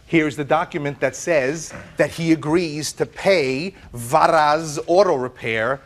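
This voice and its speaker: A middle-aged man testifying as plaintiff in a courtroom, telling his story in an animated way, acting out what others said, often repeating words and restarting. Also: a little high, takes it slowly, slight background noise. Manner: animated storyteller, quotes others in lively voices.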